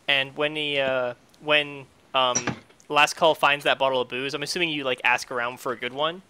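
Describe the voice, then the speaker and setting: A man playing a tabletop role-playing game, describing his character's actions in halting speech full of fillers and restarts. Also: mid-range voice, fairly even intonation, noisy background. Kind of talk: casual in-character play.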